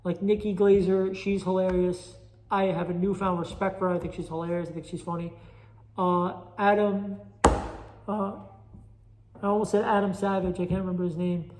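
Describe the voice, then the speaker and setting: A man's voice: high-pitched, level tone, normal speed, a little mellow, slight background noise. A man with a New York Italian accent hosting a solo podcast, rambling and restless, self-deprecating about his stand-up. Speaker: podcast host and amateur stand-up comic. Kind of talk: solo casual podcast monologue. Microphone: phone recording. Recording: echoey chamber reverb.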